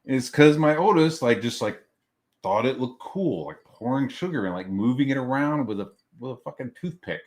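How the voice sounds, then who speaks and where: A man's voice: medium pitch, lively intonation, moderate pace, darkish tone. A man hosting a livestream show, casually telling stories about being a father, swearing freely and restarting his sentences. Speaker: father of young daughters.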